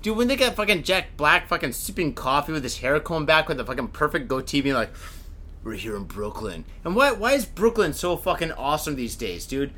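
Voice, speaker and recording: Animated, swearing tipsy podcast host. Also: male voice, on the high side, a little fast. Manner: swears a lot, rambling and animated. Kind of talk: casual chat. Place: Tokyo.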